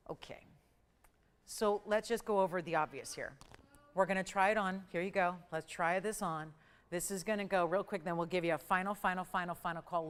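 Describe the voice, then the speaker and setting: A woman's voice: mid-range voice, clear, resonant tone, long reverb tail. Upbeat woman calling auction bids. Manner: brisk, upbeat sales talk, calling out bids. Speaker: live shopping auction host. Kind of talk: live TV shopping auction patter.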